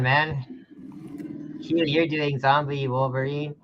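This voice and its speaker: A man's voice: medium pitch, normal speed. A man hosting a casual live-stream chat over a video call, easygoing and joking with his guests. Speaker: host. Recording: dull lo-fi with faint hiss.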